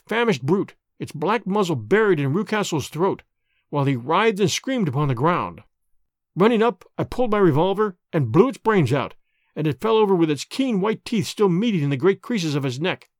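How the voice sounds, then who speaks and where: A man reads a classic detective story aloud with expressive, dramatic pacing. His voice sits a bit high and moves in a lively way. The recording is dry and close. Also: no room sound. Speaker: narrator.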